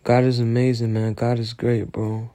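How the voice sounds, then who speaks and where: A man's voice: mid-range voice, level tone, normal speed, dark tone. A man, rambling through an emotional, slangy solo monologue on the verge of tears. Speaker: solo show host. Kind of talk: personal confessional monologue.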